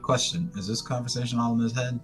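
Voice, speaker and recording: A woman playing a tabletop game, lively and giggly. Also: rumbling low, fast, soft background music. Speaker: player.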